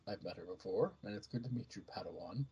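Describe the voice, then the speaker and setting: A man reading the lines of a calm, reserved male Jedi knight in a low, quiet voice, on a muffled recording. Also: fast, slightly rough.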